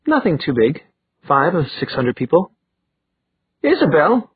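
A man's voice: sing-song, normal speed, husky, no echo, full character voice. Eager young woman, as a man puts her on. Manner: high, lilting voice. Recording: tinny, phone-like dry recording.

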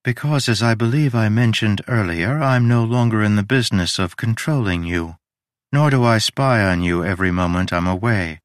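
A stern, suspicious woman, as a male reader puts her on. She speaks in cool, clipped, pointed lines, in a low, dry read. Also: moderate pace, no room sound, close to an everyday voice.

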